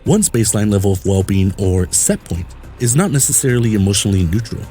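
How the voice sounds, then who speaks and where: A man's voice: lowish voice, animated, quick pace, mellow, faint music behind. Rambling, jokey male podcast host. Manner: rambling, crude and jokey, slipping into silly voices and laughs. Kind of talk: comedic podcast monologue.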